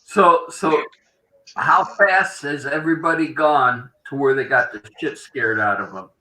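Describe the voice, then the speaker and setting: Brief: deliberate, slow-spoken man, bright tone, roomy echo. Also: mid-range voice. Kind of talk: casual chat among friends.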